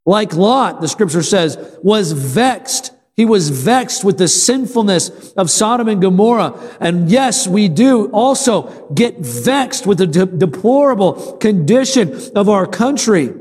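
A man's voice: sits high, animated, unhurried, few pauses, darkish tone, slightly rough. A man preaching a sermon as pastor, repeating lines for emphasis and calling out to the congregation for answers. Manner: call-and-response with the congregation. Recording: long hall reverb.

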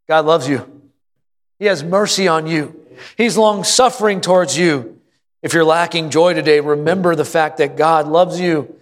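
High-voiced man preaching in a reverberant church. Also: normal speed. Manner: emphatic preaching, rising to loud high exclamations; leads the congregation in responses. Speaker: pastor. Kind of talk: sermon. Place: church sanctuary. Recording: long hall reverb.

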